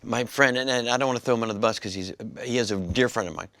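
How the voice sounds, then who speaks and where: A middle-aged comedian guest telling animated anecdotes in casual chat, full of quick asides. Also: male voice, mid-range voice, no room sound. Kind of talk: casual interview chat, storytelling.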